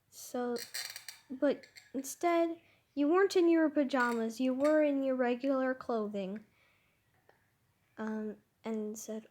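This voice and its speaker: A woman's voice: high-pitched, a little mellow. A woman casually reading her own fan story aloud, rambling and self-conscious, with frequent restarts and asides.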